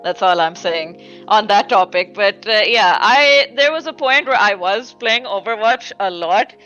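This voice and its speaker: Woman podcast guest with a slight accent, bright tone, dull lo-fi recording, rambles casually. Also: mid-range voice, expressive, measured pace, faint music behind. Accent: slight foreign accent. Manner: rambling, filler-heavy, frequent "like". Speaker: podcast guest, fighting game commentator. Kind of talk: casual chat.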